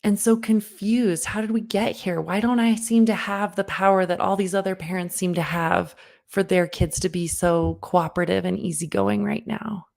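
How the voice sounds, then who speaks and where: A woman in her thirties, a parenting coach, giving an online workshop talk and telling a personal story with lively, earnest direct address to the listener. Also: medium pitch, moderate pace, creaky. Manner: lively storyteller who acts out her own past lines.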